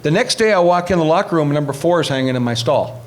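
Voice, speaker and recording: A middle-aged man and former hockey player telling lively stories in an interview, acting out other people's lines. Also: fairly high pitch, fast. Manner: animated anecdotes, acts out quoted voices. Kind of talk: storytelling interview.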